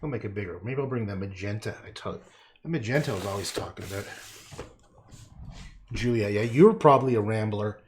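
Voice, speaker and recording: There's background noise behind this painter's lowish voice, which runs a little fast and pauses often. He rambles through live commentary while painting on stream, swearing casually and tossing off self-mocking jokes.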